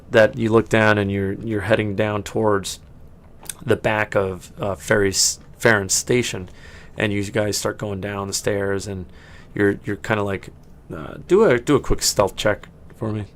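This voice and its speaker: A man's voice: lowish voice, fairly even intonation, measured pace. A man running a tabletop game as game master, narrating in a rambling way with many restarts and frequent laughs. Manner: rambling, full of fillers and restarts, laughing often.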